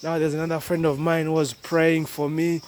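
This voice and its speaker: The man's voice is on the high side and level in tone, moving at a moderate pace over a faint hiss or hum. A Ugandan-accented vlogger out in the cold, he gives a casual monologue to camera, flipping between English and Luganda with laughing asides.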